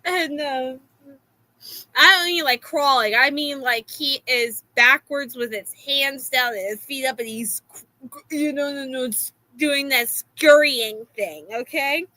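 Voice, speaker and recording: A woman with a Florida accent telling a story in a casual, exasperated way, filling pauses with "uh". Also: high-pitched, poor audio. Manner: animated, exasperated, many "uh" fillers.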